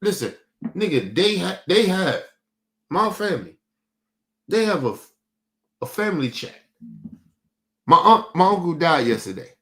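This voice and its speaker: A man's voice: high-pitched, very animated, unhurried, pauses often, bright, forceful tone. Heated, profane man ranting on stream. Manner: heated, profane, repeats himself. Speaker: streaming show host. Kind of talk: casual rant to a stream audience.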